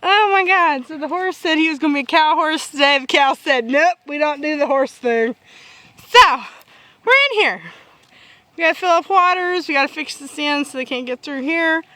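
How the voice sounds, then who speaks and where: A woman's voice: sits high, moderate pace, sharp tone, dry recording, poor audio. A woman chatting on her farm vlog, laughing often and playfully voicing her animals. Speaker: homesteader filming her farm. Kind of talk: casual farm vlog chat. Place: outdoors on a farm pasture.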